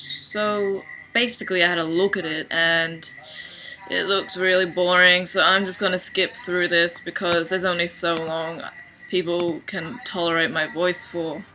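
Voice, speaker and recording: A young woman from Sydney with an Australian accent, talking casually to her camera in a deadpan, dry way. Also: fairly low pitch, slight background noise, rough recording. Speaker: vlogger. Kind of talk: casual accent-challenge video.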